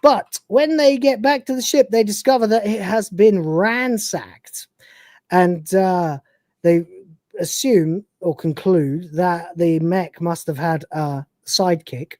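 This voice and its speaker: A woman's voice: lowish voice, takes it slowly, a little mellow, dry recording. A woman co-hosting a live stream, giving a rambling, profane, casual recap of a TV episode and acting out its scenes. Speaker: podcast co-host.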